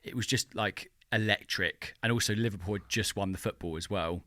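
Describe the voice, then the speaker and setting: A man's voice: lowish voice, a little fast, sharp tone, no echo, studio quality. A man co-hosting a podcast, chatty and enthusiastic in casual talk. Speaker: podcast co-host, touring drummer. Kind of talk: casual chat.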